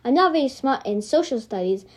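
A whiny, ever-hungry young tomcat from a storybook, as a woman reads him out. He sounds puzzled and whining, his voice set a little high. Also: expressive, fairly quick.

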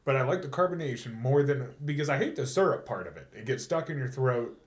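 A man's voice: mid-range voice, animated, quick pace. A man co-hosting a podcast in casual, jokey chat, laughing easily. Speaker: podcast co-host.

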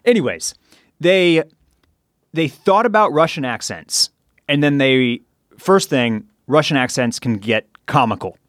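A man co-hosts a podcast from a studio, eagerly jumping in with asides and explanations. His voice sits at a middle pitch for a man. The recording is dry and close-miked. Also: animated, measured pace, a bit bright, dry recording. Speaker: podcast co-host. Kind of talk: casual chat.

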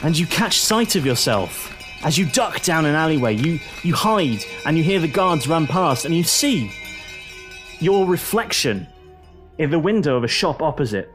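A man's voice: on the high side, big pitch swings, normal speed, over music. A man acting as game master, telling the story to the players in the second person with a dramatic storyteller's delivery. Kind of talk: dramatic tabletop narration.

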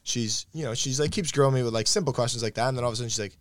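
A man's voice: mid-range voice, rapid-fire, dry recording. A young man in casual conversation, animatedly telling a story and acting out the quoted dialogue, laughing often.

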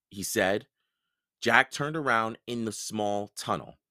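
Man reading a kids book aloud, bright voice, takes his time. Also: lowish voice. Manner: expressive, unhurried reading. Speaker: podcast storyteller.

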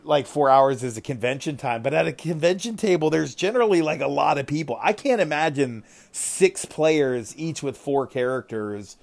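Animated man chatting on a podcast. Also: fairly high pitch, normal speed, gravelly, hardly any pauses. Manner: animated, with frequent fillers and exclamations. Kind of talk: casual chat.

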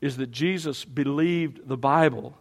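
A man's voice: medium pitch, measured pace, creaky. A man preaching a sermon, teaching through a Bible passage with emphatic rhetorical questions. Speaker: pastor.

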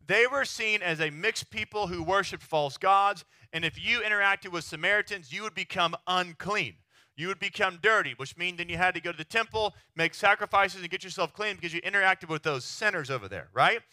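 High bright-voiced preacher man. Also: fairly quick, dry recording, clean studio sound. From Texas. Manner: animated, chatty, keeps asking the crowd "right?". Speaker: pastor. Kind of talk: sermon.

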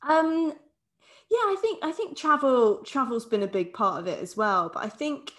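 A woman's voice: high voice, animated, normal speed, fairly bright tone. A woman around thirty, co-hosting a podcast in casual chat and steering it with questions. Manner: easygoing, steers the conversation with questions. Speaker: podcast co-host.

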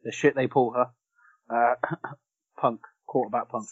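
A man on a podcast, chatting low-key about a film and quoting its lines. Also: level tone, unhurried, husky, narrow, tinny audio. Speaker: podcast co-host. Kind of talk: casual film review chat.

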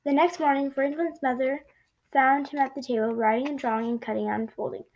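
A woman reading a children's storybook aloud in an expressive way, with small slips. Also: high-pitched, brisk, poor audio. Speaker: storybook reader.

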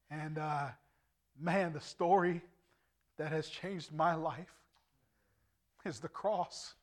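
Earnest evangelist man telling his testimony. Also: on the high side. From Indiana, USA. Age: 40s. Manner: earnest storytelling, acts out dialogue. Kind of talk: preaching a personal testimony. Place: church service.

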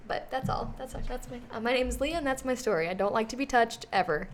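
A woman's voice: on the high side, fast, faint music behind. Chatty young woman telling stories. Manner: chatty storytelling with many fillers. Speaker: podcast co-host. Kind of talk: casual chat.

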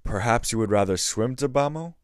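A man voicing a shrewd boy from the hills who speaks calmly and with quiet confidence. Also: mid-range voice, smooth, dry recording, studio quality, voice pushed up, natural voice. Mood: commanding. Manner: calm, measured, quietly confident.

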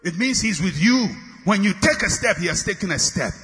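Male preacher, sermon, high lively voice, call-and-response, emphatic repeated declarations, reverberant hall. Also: brisk. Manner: repetitive declarations building to shouts.

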